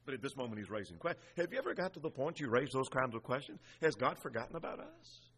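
A man's voice: mid-range voice, sing-song, fast, a bit bright, breathy edge. A man preaching an expository sermon, earnestly piling up rhetorical questions. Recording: long reverb of a large hall.

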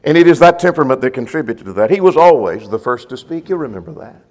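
A man's voice: medium pitch, expressive, fast, darkish tone, long reverb tail. A man preaching a sermon, walking listeners through the text verse by verse. His delivery swings from strong emphasis down to near-murmured phrases. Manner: expository, guiding listeners verse by verse.

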